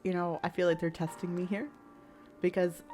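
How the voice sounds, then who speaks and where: A woman streamer reacting loudly to a game, with exasperated outbursts and frequent laughter. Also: lowish voice, little pitch movement, normal speed, faint music behind. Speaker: gaming streamer. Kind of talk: reacting to a game during a livestream.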